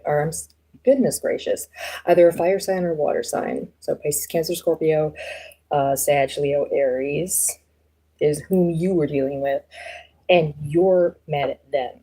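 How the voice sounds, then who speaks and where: A woman's voice: sits low, moderate pace, warm tone, slightly rough. A woman doing a casual live tarot reading, chatting loosely to viewers with lots of fillers and easy laughs. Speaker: tarot reader.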